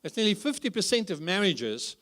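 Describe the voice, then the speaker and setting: Animated high-voiced male preacher. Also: a little fast. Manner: animated, humorous, asks rhetorical questions. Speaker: guest preacher. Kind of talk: conference sermon. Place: church conference hall.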